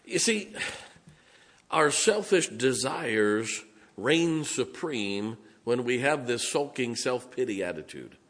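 A man's voice: mid-range voice, expressive, slow pace, a bit bright. A middle-aged man preaching a sermon as pastor, folksy and joking, sometimes mocking whiny voices.

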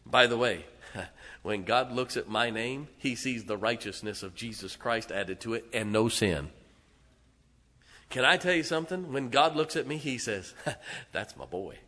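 A man preaching a sermon as pastor, emphatic and laughing between lines, swinging from loud to soft. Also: mid-range voice, measured pace. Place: large church auditorium. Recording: long hall reverb.

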